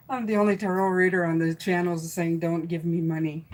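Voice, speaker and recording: A woman's voice: fairly low pitch, steady tone, moderate pace, low-quality recording. A middle-aged woman doing a live stream tarot reading, chatting loosely and reading out viewer comments with fillers and restarts. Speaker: tarot reader.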